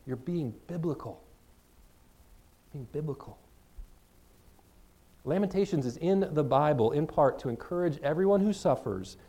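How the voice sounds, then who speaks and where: A man's voice: on the high side, dark tone. A man preaching a sermon as pastor, speaking earnestly in a conversational way to his congregation.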